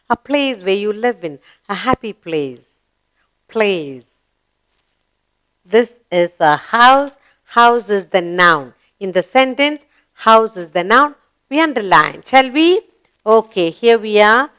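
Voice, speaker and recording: A woman teaching a slow grammar lesson to young children, singsong and encouraging, asking questions and answering them herself. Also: mid-range voice, lively intonation, a bit bright, smooth. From India.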